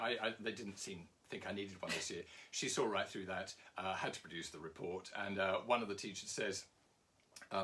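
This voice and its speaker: A man's voice: sits low, moderate pace, sharp tone. A man in a comedy double act telling a rambling, jokey story in an easygoing way. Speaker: comedy performer and duo partner. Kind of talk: casual stage chat.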